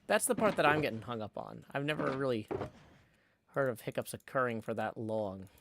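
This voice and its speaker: Brief: middle-aged man, stream host, casual rambling chat, expressive intonation, some faint noise. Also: mid-range voice, brisk, vocal fry. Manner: rambling, self-deprecating, frequent restarts and fillers. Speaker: streamer hosting a group chat.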